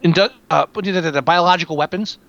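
A man chatting casually about a film, sarcastic, animated and quick to swear. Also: high voice, muffled recording. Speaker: podcast co-host reviewing a film. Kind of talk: casual profane movie chat.

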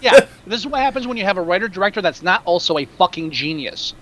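Male co-host with a high voice: blunt, sarcastic, profane movie critic. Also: lively intonation, fast, pushed and bright, muffled recording. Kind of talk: casual film review chat.

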